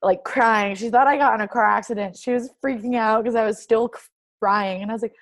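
A woman's voice: fairly high pitch, fairly quick. Chatty young woman telling a story. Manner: animated, heavy use of "like", acts out quoted dialogue. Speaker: guest, professional soccer player. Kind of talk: casual interview storytelling.

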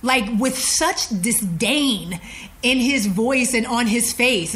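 Animated woman telling a story. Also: takes it slowly, a little hiss or hum. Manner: animated, acts out quoted dialogue with big pitch jumps; frank, swears casually. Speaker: podcast guest. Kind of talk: casual storytelling in an interview.

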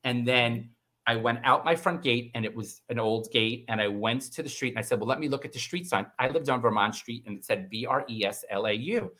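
A middle-aged man telling a personal story in casual conversation, animated and acting out the voices of the people in it. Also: fairly quick. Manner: animated, acts out quoted voices with big pitch jumps. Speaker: guest.

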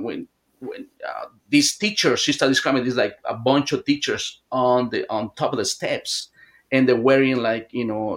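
A man's voice: medium pitch, fairly bright tone. Rambling man telling a story. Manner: rambling, with many fillers and restarts. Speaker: guest hypnotherapist. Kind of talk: casual storytelling in conversation.

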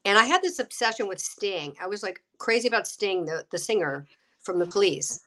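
A middle-aged woman, an actress getting over a cold, telling her story in a lively, animated way, acting out quoted voices and laughing often. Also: medium pitch, fairly quick. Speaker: guest, actress and UFO experiencer.

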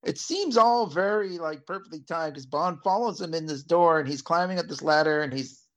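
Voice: medium pitch, moderate pace, fairly bright tone. A speaker chatting casually about a film, meandering and second-guessing themselves.

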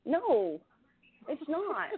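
A woman's voice: high voice, wildly swooping pitch, extremely slow, no echo. A woman co-hosting a wrestling podcast, chatting casually and swearing freely. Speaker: co-host. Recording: phone-like lo-fi call audio.

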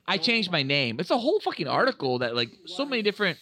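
An excitable man co-hosts a casual podcast while watching a film, rambling from one story to the next and swearing freely. His voice sits a little high and sounds bright and forceful. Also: quick pace. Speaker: podcast co-host. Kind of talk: casual chat over a movie.

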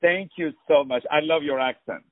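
A man's voice: a little high, normal speed, no echo, phone-quality sound. Gushing radio host man, dry studio sound. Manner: effusive, lavish with praise, repeats words. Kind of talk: phone interview on radio.

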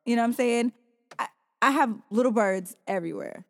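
A woman's voice: a little high, brisk, big-room sound. A woman co-hosting a podcast in casual chat, blunt and emphatic, with some swearing. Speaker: podcast co-host.

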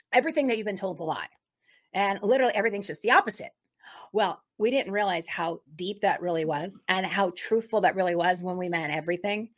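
Rambling, excitable woman co-host. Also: medium pitch. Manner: rambling and excitable, many restarts and laughs. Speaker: co-host of a faith talk show. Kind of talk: casual spoken introduction.

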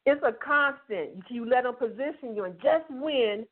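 A woman's voice: a little high, expressive, normal speed. Emphatic woman on a tinny phone line. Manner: emphatic and heartfelt, quotes dialogue. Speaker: guest author. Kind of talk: candid personal testimony. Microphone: telephone call-in.

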